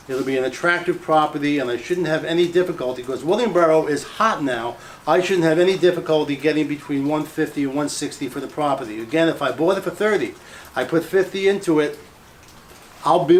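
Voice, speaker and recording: A real estate investor with a slightly high voice gives a casual, plain-spoken walkthrough of an empty house he is renovating indoors, thinking aloud as he goes. The bare rooms echo, and there is a little hiss or hum.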